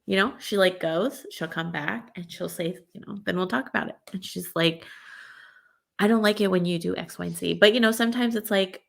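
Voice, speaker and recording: Female podcast guest, mid pitch, slight vocal fry, chatty and frank, laughs often. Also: a little fast. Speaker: podcast guest, stay-at-home parent. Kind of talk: casual podcast conversation.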